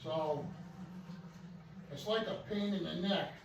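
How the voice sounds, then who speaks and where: A man's voice: high voice, slow pace, vocal fry, lo-fi sound. A man chatting casually to his viewers from a cluttered basement, rambling and puffing, winded as he moves things around. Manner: rambling, loose, with many fillers and puffing sighs. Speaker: hobby vlogger. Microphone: distant from the mic, moving around the room. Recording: echoey basement from a distance, faint noise.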